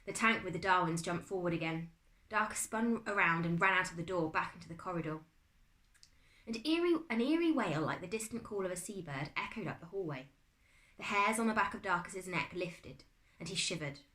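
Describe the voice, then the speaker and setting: A British woman teacher reading a chapter book aloud to her class, expressive and dramatic. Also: lowish voice, a little fast. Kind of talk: storybook read-aloud. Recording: echoey room.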